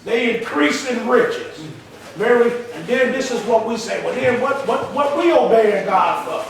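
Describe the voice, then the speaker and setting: A man's voice: extremely high pitch, lively intonation, normal speed, vocal fry. A man preaching a sermon with call-and-response, emphatic and colloquial, heard in a church hall. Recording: roomy echo, from far off the mic.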